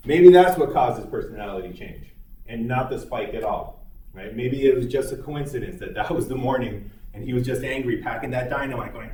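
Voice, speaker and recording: A man's voice: medium pitch, animated, normal speed, warm tone. A man lecturing a psychology class in a conversational, explanatory way with occasional fillers. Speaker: psychology instructor. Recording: echoey room, mic far off.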